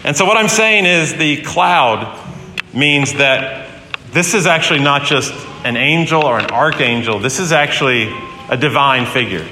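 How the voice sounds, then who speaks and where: A man's voice: medium pitch, animated, unhurried, music in the background. A man in his fifties, a pastor preaching a sermon in an earnest, storytelling way with emphatic repeated phrases. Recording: roomy hall with long reverb, faint ambience.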